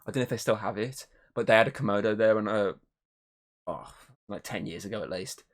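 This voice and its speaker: A man co-hosting a podcast, chatting excitedly and rambling about a movie with lots of swearing. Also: on the low side, fairly quick. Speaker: podcast co-host. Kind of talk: casual movie review chat.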